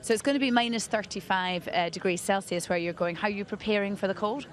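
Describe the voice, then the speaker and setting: A woman's voice: mid-range voice, fast talker. A Scottish woman presenting and rehearsing a live broadcast, chatty and self-deprecating, out in a busy city square. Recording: loud crowd outdoors.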